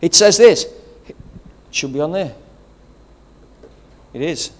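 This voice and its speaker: Fervent English preacher with a regional accent. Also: male voice, fairly high pitch, expressive, takes it slowly. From England. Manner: rousing and conversational, with interjections of praise. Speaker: pastor. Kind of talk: sermon.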